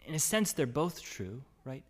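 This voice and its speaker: A man preaching a conversational sermon in a middle-pitched voice. He reads scripture aloud and lifts his voice when he voices cries of despair. Between readings he talks easily and often asks "right?". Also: sing-song, normal speed. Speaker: pastor.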